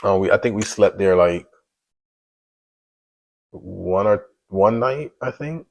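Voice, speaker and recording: A man's voice: fairly low pitch, expressive, slow, creaky, darkish tone, no room sound, rough recording. A man telling his own story as a single father in a casual, emotional, conversational way with some slang. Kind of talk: casual spoken testimony.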